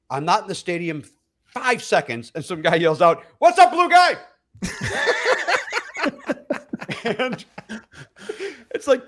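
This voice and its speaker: Higher-pitched middle-aged man telling stories. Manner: animated storyteller who acts out quoted voices. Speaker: comedian guest. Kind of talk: casual podcast storytelling.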